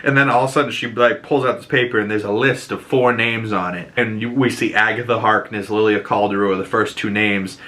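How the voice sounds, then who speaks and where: A young man with a Boston accent casually recapping a TV episode, animated and laughing often, acting out quotes in higher voices. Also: a little fast, hardly any pauses. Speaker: show reviewer.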